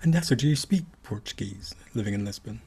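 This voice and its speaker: A man's voice: fairly low pitch, animated, brisk, a little mellow, slightly rough. A man hosting a casual chat, asking playful, teasing questions. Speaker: host.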